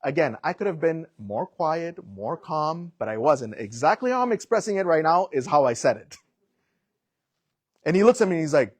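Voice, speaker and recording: A young adult man preaching, telling a personal story in an animated way and acting out the voices in it. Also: fairly high pitch, normal speed, husky, no room sound. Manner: animated storytelling, acts out quotes.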